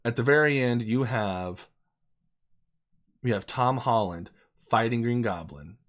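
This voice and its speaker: Unhurried and mid-range in voice, a man talks through a movie in a casual, unscripted review. He's excitable and emphatic, swearing freely and circling back to repeat himself for emphasis.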